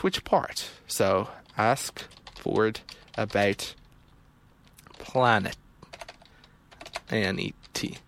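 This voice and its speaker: A man's voice: mid-range voice, a bit bright, dry recording. A young man playing a text adventure, reading its prose aloud and muttering the commands he types between his own remarks. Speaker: video game player. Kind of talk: let's play commentary, reading game text aloud.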